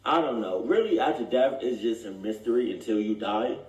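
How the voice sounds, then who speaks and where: A man's voice: medium pitch, animated, darkish tone. A man co-hosting a reaction video in casual chat, rambling and restarting his sentences. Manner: rambling, halting, restarts often. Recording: echoey room.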